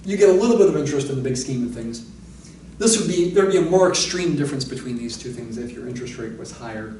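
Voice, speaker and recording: A man's voice: medium pitch, expressive, quick pace, a little mellow, far from the mic, slight background noise. Man giving a math lecture in an echoey room. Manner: explains step by step, thinking aloud with asides. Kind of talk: recorded university lecture. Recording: echoey room, voice a little off-mic.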